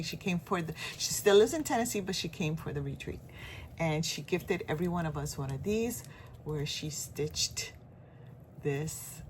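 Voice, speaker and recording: A woman's voice: low-pitched, slight background noise. A woman chatting casually in a stitching vlog, rambling and laughing often. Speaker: cross-stitch vlogger. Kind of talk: casual chat.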